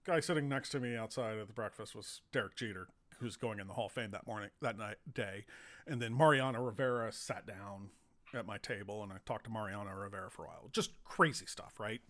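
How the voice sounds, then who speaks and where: An American man hosting a podcast, telling relaxed, rambling anecdotes full of fillers. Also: lowish voice, fairly quick. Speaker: podcast host and baseball writer. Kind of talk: casual storytelling chat.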